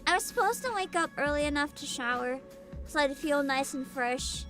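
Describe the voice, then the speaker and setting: A woman's voice: sits high, animated, normal speed, fairly bright tone, faint music behind. A young woman hosting a casual VTuber livestream, sleepy and giggly, reading chat aloud. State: sleepy and tired.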